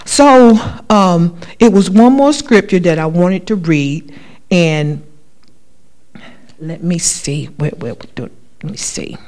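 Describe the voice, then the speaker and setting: A woman's voice: lowish voice, slow, darkish tone. A woman giving a spoken testimony in church, talking in an emphatic, repetitive, conversational way.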